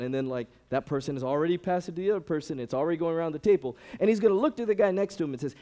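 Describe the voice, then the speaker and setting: A man's voice: high voice, fast. A man giving a sermon-style talk as a ministry director, telling stories conversationally and acting out the people he quotes. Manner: animated storytelling, acts out quoted people; conversational, frequent fillers.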